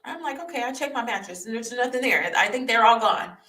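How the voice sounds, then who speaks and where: A woman's voice: a little high, brisk. A young woman vlogging her personal testimony, telling the story candidly and animatedly, repeating herself and laughing. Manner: animated, repetitive, laughing as she recounts. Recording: roomy echo, voice a bit far from the mic.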